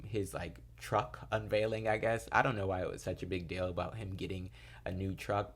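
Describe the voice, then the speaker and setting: A young man with a fairly low voice talks through a TV episode in a loose, chatty recap. He rambles, piles on fillers, and slips into quoted lines as he retells scenes. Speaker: TV episode reviewer. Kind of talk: casual recap chat.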